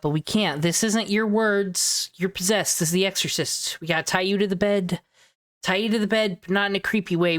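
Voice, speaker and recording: Young woman streamer, lowish voice, mocking sarcastic commentary with mock concern. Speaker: streamer reacting to videos.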